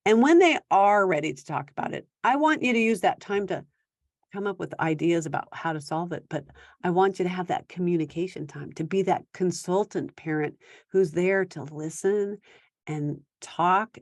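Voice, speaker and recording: A woman giving parenting advice in a conversational talk, now and then acting out quick quoted exchanges between parent and teen. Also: lowish voice, no room sound. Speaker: parenting coach.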